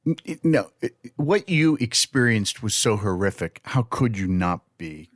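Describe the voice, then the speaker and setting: A man's voice: fairly low pitch, very animated, a little slow, no room sound, clean studio sound. A man co-hosting a podcast, telling stories with laughs and agreeing readily. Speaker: podcast co-host. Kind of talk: casual conversational podcast.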